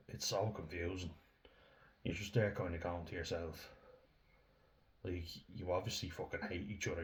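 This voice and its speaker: A man's voice: deep voice, slight background noise. A young Irish man from Dublin ranting casually to camera, blunt, swearing freely and laughing as he rambles.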